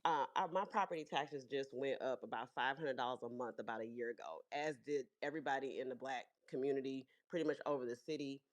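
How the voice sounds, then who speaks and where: A woman's voice: very deep voice, fast talker, few pauses. A woman calling into a livestream, telling a story in a chatty way. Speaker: caller. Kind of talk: casual call-in commentary.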